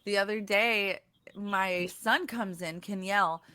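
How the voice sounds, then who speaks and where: A woman in relaxed podcast talk, mid-pitched and natural. She tells her stories with animation, slipping into little voices for the people in them. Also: takes it slowly. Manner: animated storyteller who acts out voices in her anecdotes. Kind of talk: casual chat.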